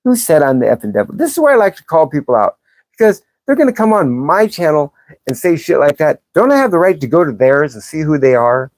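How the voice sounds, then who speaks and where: A woman's voice: low-pitched, very animated, a little fast, darkish tone, no echo. Sarcastic, combative woman livestream host. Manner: combative, sarcastic, calls out commenters; blunt and profane. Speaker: livestream host reading chat. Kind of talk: live-stream commentary.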